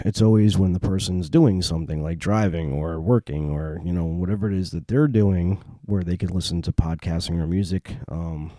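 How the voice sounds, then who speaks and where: A man hosting a solo podcast, chatting in a relaxed, rambling way with many fillers. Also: low-pitched, no echo. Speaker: podcast host. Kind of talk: casual solo podcast talk. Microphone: home podcast mic.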